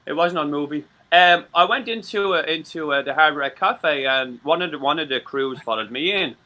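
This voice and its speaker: A man's voice: a little high, expressive, moderate pace, sharp tone. An Irish man from Ireland chatting on a live-stream talk show, rambling and swearing, with many stammered restarts. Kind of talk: casual live-stream chat.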